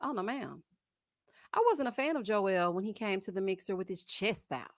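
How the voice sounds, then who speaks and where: A woman hosts a casual live chat and answers viewer comments with lively gossip. She laughs often and uses plenty of slang. Her voice sits in a middle pitch, and it is recorded dry and close to the mic. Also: normal speed, no echo. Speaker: host of a live chat stream.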